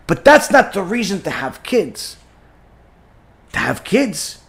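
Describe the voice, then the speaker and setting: A man teaching a Torah class as a rabbi, emphatic and animated, with frequent "you know" fillers. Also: high-pitched. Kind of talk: Torah lesson.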